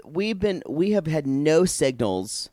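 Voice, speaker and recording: A man's voice: fairly high pitch, very animated, slow, mellow. A man co-hosting a podcast, recapping in casual chat, sarcastic and mock-horrified, on a close mic. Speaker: podcast co-host.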